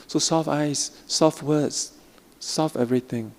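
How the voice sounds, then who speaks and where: A middle-aged man teaching a Buddhist meditation talk in a gentle, repetitive, reassuring way. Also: medium pitch, moderate pace, creaky. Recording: long hall reverb.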